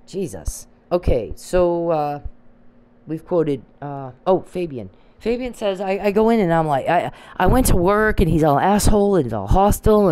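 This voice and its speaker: A woman's voice: sits low, darkish tone, no room sound, low-quality recording. A woman talking in an angry, rambling monologue, combative and profane, with frequent restarts.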